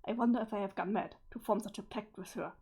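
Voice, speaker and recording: A woman's voice: mid-range voice, fairly even intonation, fast, a little mellow, breathy edge. A woman voicing a stiff, sweaty, formal male alien troll, in a pompous and stilted manner.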